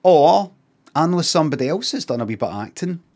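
A man's voice: a little high, sing-song, a little fast, darkish tone. A man with a Scottish accent chatting casually on a live stream, rambling and swearing, with sarcastic asides.

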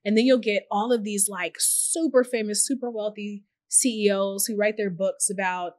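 A woman guest on a podcast, talking earnestly and reflectively with lively quoted asides. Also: medium pitch, normal speed, no echo. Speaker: podcast guest, tech journalist and founder. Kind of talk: reflective conversational interview.

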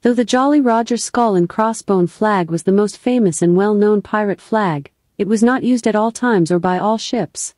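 A synthetic woman's voice, a voice assistant making small talk in an evenly cheerful way. She sits at a middle pitch. The sound is close and completely dry, with no room around it. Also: moderate pace, hardly any pauses, darkish tone, dry recording. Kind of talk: scripted chatbot replies.

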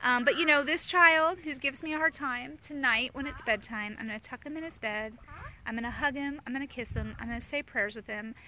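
A woman's voice: sits high, a little fast, pushed and bright. A woman in her thirties, a mother hosting a casual live chat, talking candidly to viewers and answering their comments.

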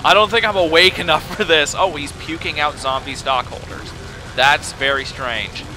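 Young male let's-player, jumpy and exclaiming, a bit high-pitched. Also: moderate pace, background noise. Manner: excitable, exclaiming and panicking. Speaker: let's play gamer. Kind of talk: casual gameplay commentary.

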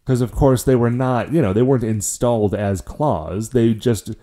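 A man's voice: medium pitch, moderate pace, warm tone. A man co-hosting a podcast in casual chat, with dry, jokey banter. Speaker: podcast co-host.

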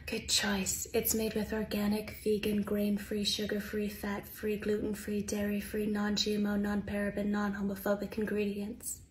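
A spacey hippie barista played by a woman, speaking in an utterly flat, slow and dreamy monotone. She sounds serenely smug. The room has a roomy echo. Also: mid-range voice, voice pushed down, natural voice.

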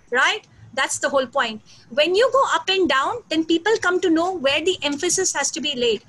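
A woman giving a fast, energetic online lecture to teachers over a video call. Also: sits high, low-quality recording. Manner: fast, energetic, emphatic delivery. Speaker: guest lecturer. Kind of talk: online teacher training talk.

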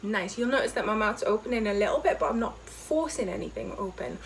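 A woman choir leader, teaching an online vocal warm-up from home and demonstrating high sung notes. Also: lively intonation, quick pace, gravelly, slight background noise. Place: home during lockdown.

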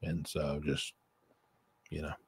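A man reacting with biting sarcasm, his voice dropping to low mutters and then rising into loud mocking pleas. The sound is dry and close, with no room around it. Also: flat delivery, takes it slowly, slightly rough, no echo. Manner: sarcastic, mocking, swings between mumbling and exasperated outbursts. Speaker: commentator reacting to a prison call recording. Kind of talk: satirical reaction commentary.

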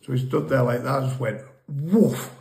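A man's voice: medium pitch, normal speed, creaky, a little mellow, echoey room. A man casually telling a crude, rambling pub story, often laughing at his own tale. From England.

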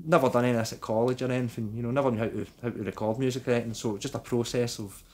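A man's voice: medium pitch, fairly even intonation, rapid-fire, a little mellow. A man in an interview, rambling and casual.

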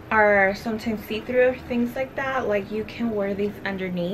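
Slow-talking, breathless woman vlogger. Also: mid-range voice, a little hiss or hum, rough recording. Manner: chatty, hesitant with many fillers. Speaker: beauty vlogger. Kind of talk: casual haul video.

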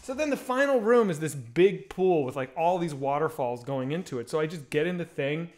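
A man's voice: on the high side, animated, brisk, darkish tone. A man co-hosting a casual chat, telling a profane anecdote full of fillers. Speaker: podcast co-host.

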